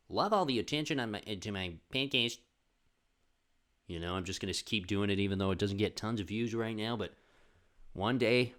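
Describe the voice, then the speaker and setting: Dude rambling thru a funny story on his podcast, kinda low voice, lots of "like" and cursing. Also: fairly bright tone. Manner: rambling, swears, says "like" often. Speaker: podcast host. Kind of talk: casual comic storytelling.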